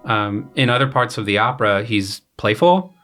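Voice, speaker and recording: A young graduate student composer relaxes into a podcast chat about his opera, explaining it with lots of fillers and paraphrased quotes. His voice is on the low side at a moderate pace, with faint music behind.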